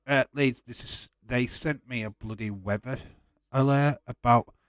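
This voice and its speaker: Slow-talking man with a dry sound. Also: mid-range voice, no echo. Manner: chatty, laughs often, lots of fillers. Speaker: watch-along host. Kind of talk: casual live-stream chat.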